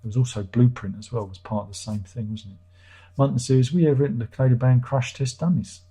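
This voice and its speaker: Middle-aged male streamer, husky and irreverent, chatty comment-reading host. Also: mid-range voice, fairly even intonation, fairly quick, warm tone. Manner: irreverent, joking, swears freely. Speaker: livestream host. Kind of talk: casual livestream chat reading viewer comments.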